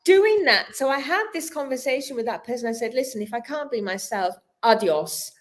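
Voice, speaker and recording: A middle-aged British woman, a talk show guest, telling lively stories with frequent laughter. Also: a little high, a little fast. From Britain. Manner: expressive storyteller, laughs often. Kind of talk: live-streamed talk show chat.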